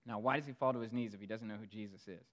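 Man preaching, storytelling from hush to emphatic. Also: fairly low pitch, rapid-fire. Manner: storytelling, swings from hushed to emphatic. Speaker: pastor. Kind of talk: sermon.

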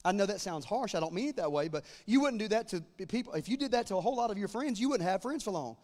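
A male preacher delivering a sermon with a strikingly high voice. He shifts between fervent, shouted proclamation and a calmer, conversational teaching tone. His voice carries a long reverb, as if filling a large hall. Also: fast.

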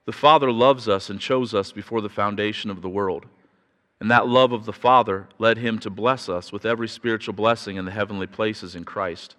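A man preaching a sermon, telling a family story in a chatty, halting way, with repeated words and restarts, and growing louder when he gets excited. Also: lowish voice. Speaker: pastor. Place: church sanctuary. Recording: reverberant church hall.

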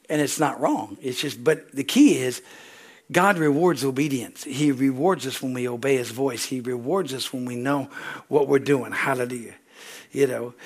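An older male pastor, preaching a sermon in an animated storytelling way, acting out dialogue and laughing often. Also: medium pitch.

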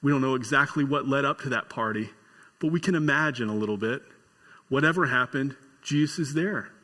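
A male pastor preaching a sermon with folksy humor and storytelling, building to excited emphasis. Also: medium pitch, brisk, in a large hall.

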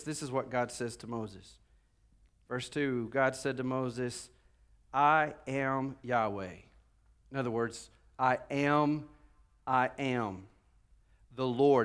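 A man preaching a sermon, reading scripture aloud and swinging between loud proclamation and quiet, low asides. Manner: reads scripture aloud with slowed, stressed phrases.

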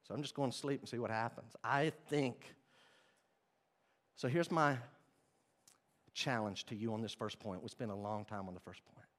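A middle-aged male pastor preaching a sermon, swinging between loud emphatic bursts and quiet, low stretches. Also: normal speed, long pauses.

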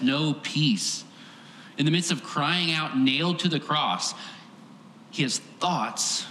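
A man's voice: medium pitch, a bit bright. A male pastor delivers a sermon in an earnest, emphatic way, building on repeated phrases. His mid-range voice rings through a roomy church hall with a long reverb. A faint hum of the room sits behind him.

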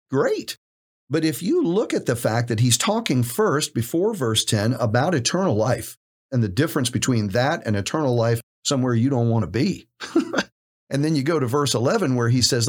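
A man's voice: mid-range voice, very animated, moderate pace, slightly rough. A man co-hosting a podcast, teaching from scripture in an emphatic, conversational way and asking rhetorical questions. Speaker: podcast co-host and preacher.

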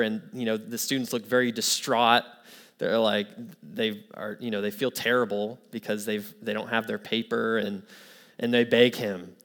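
A man's voice: on the low side, level tone, moderate pace, a bit bright. A man preaching a sermon to his church, telling an anecdote and then pressing home his point earnestly. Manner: storytelling with quoted voices, then earnest preaching. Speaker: pastor.

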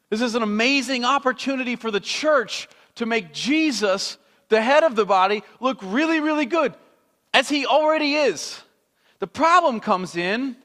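A pastor giving a sermon, animated and chatty, telling a story with acted-out voices. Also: male voice, high voice. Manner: animated storytelling, acting out scenes with shifting voices. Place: church sanctuary. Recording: long hall reverb.

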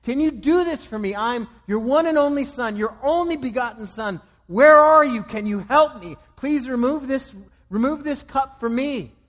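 A man's voice: very high voice, lively intonation, moderate pace, a bit bright, in a large hall, voice pushed up. A man voicing a desperate man who pleads with his father in anguish. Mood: desperate pleading. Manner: anguished, begging.

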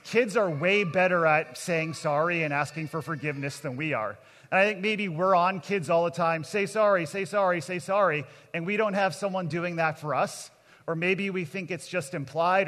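A man's voice: on the high side, moderate pace, fairly bright tone. A man preaching at a kids camp, earnest and plainspoken, speaking to both children and adults. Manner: earnest, plainspoken, calls out to the crowd. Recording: long hall reverb.

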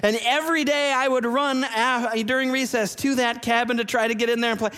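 A man's voice: extremely high pitch, fairly even intonation, brisk, bright, forceful tone, clear, resonant tone. A man preaching a sermon, telling personal stories with self-deprecating humor. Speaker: pastor. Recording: long church reverb.

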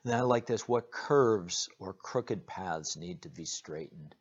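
A man preaching a sermon as pastor, earnest and direct, often pausing on "uh" and restarting his words. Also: low-pitched, animated, husky. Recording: dull lo-fi recording.

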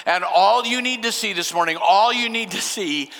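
An older male pastor preaching with a high, bright voice that carries through a long hall reverb. He slows down and pauses for emphasis, and his delivery is earnest. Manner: dramatic pauses and slowed emphasis. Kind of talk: sermon.

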